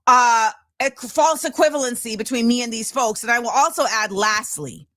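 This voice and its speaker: A woman host in her thirties delivering an impassioned commentary monologue, emphatic and forceful, with repeated rhetorical phrasing. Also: on the high side, moderate pace, no room sound.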